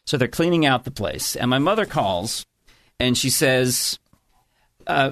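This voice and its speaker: A man's voice: mid-range voice, animated, measured pace, a bit bright, dry recording. A middle-aged man telling a family story in casual chat, rambling and often breaking off to restart his sentences. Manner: rambling, self-interrupting storyteller.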